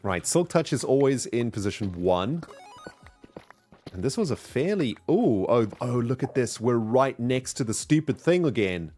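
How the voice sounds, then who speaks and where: A man's voice: mid-range voice, big pitch swings, normal speed, darkish tone, faint music behind. A man chatting casually while streaming a video game, upbeat and thanking his viewers as he plays. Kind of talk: casual live-stream commentary.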